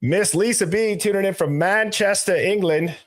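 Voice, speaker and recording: A man with a slightly higher voice hosts a live stream in a loose, conversational way. He greets his viewers one by one, reading their usernames from the chat, and throws in offhand jokes as he goes. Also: moderate pace. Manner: loose, conversational, jokey asides. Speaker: livestream host.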